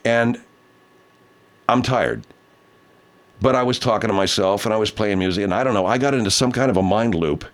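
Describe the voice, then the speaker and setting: A man's voice: fairly low pitch, moderate pace, long pauses. A man hosting a casual talk show, telling a rambling, profane story with many restarts. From Southern California. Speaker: show host.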